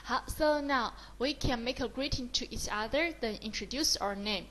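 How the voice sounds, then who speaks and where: A woman's voice: fairly high pitch, moderate pace, a bit bright, a little hiss or hum, rough recording. A woman with a Mandarin Chinese accent teaching a beginner lesson, mixing English with Mandarin and praising often. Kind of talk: slow, encouraging beginner lesson.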